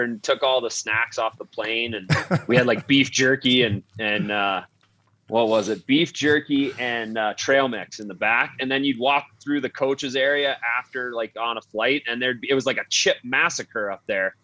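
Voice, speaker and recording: A former hockey player with a bright, forceful voice tells locker-room stories. He laughs through his anecdotes and hesitates on fillers. His pitch sits right in the middle of the male range. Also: normal speed, rough recording. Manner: animated anecdote telling with frequent laughs and fillers. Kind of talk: casual storytelling.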